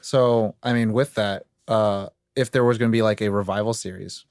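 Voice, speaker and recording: A man's voice: lowish voice, steady tone, moderate pace, a little mellow, no echo, clean studio sound. A man hosting a podcast, asking long, rambling questions full of fillers in casual chat. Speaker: podcast host. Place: podcast studio.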